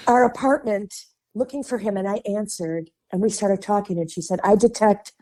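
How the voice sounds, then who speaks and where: A woman from Chicago with a Midwestern accent, a guest on a podcast, telling chatty and animated stories, laughing often and acting out the voices of people she quotes. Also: mid-range voice, normal speed. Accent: Midwestern American. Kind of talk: casual interview storytelling.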